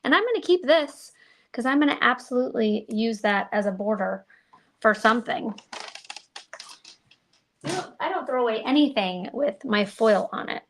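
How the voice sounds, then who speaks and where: A woman's voice: on the high side, lively intonation, moderate pace, pauses often. A woman giving a chatty, self-deprecating crafting demo, talking to viewers as she works. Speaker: card-making demonstrator.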